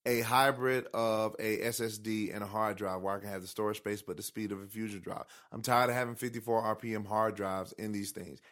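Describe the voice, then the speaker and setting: A man co-hosting a casual studio chat, joking and animated, sometimes jumping into high mock voices. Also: brisk, few pauses. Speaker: podcast co-host.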